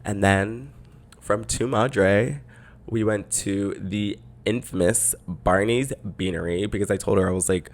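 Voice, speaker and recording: A man's voice: on the low side, unhurried. A man hosting a podcast, telling a story in a chatty way full of "like" fillers, close to a microphone. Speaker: podcast host. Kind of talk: casual storytelling.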